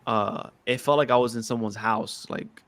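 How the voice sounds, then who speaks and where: A man's voice: mid-range voice, normal speed. Young man calling everyone "bro". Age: young adult. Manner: animated, says "bro" and "yo" a lot. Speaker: podcast host. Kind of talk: casual chat.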